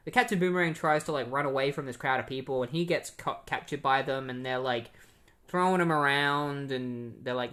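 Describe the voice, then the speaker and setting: A man's voice: mid-range voice, fairly quick, fairly bright tone. Rambling casual podcast guy. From Australia. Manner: rambling, sarcastic, frequent fillers. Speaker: podcast host. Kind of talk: casual comic-book recap.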